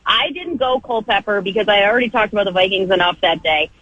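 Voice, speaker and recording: A woman in her thirties, a guest on a radio show by phone, telling stories with lively self-deprecating humor. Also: medium pitch, fast talker, dry recording, dull audio. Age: 30s. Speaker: guest, football TV host. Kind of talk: casual radio interview by phone.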